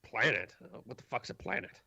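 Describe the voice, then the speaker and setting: A man voicing a huge, gruff half-giant loner who grumbles rudely and hesitates between words. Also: fairly quick, sharp tone, dry recording. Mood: grumpy.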